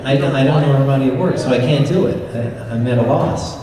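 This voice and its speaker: A man's voice: mid-range voice, fast talker, recorded from a distance. A playful man answering fans on a panel, joking between questions. He is picked up from afar in a large convention hall that echoes heavily, with a crowd audible. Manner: jokey, playful. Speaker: voice actor panel guest.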